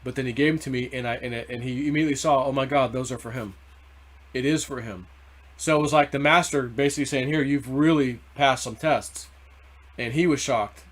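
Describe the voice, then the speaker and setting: A man hosting a casual crypto video, rambling through a dream story with many restarts. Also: fairly high pitch. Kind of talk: casual monologue.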